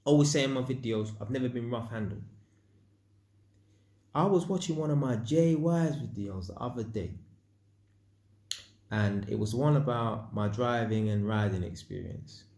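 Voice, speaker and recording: A man's voice: mid-range voice, normal speed, pauses often, dark tone, roomy sound. A man vlogging, telling a personal story in casual slang and acting out sound effects. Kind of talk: storytelling monologue.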